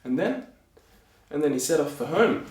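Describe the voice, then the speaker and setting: A man's voice: a little high, very animated, moderate pace, noisy background. A man telling a fairy tale in a casual, playful way, with chatty asides to the listener. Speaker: storyteller. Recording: echoey room.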